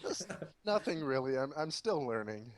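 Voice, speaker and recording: A man's voice: medium pitch, very animated, moderate pace, background noise. A young man speaking as a player in a tabletop game, answering in character with plain, hesitant replies. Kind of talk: tabletop role-play.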